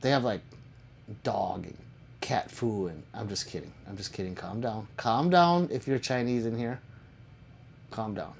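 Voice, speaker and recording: A man's voice: fairly low pitch, unhurried, vocal fry, long pauses, slight background noise. A man chatting casually on a live stream, reading viewer comments aloud and answering them with jokes and swearing.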